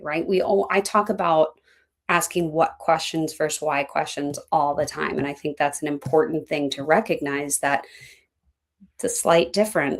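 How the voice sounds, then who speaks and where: Chatty woman coach, slightly low voice. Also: moderate pace. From Philadelphia. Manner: chatty and animated, acts out quoted clients. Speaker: coach and class teacher. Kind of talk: teaching an online class, conversational.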